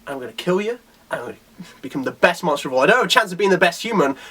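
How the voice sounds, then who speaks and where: A man voicing an arrogant, ruthless male martial artist in a low, boastful tone while retelling a comic. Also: animated, racing, a bit bright. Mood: menacing.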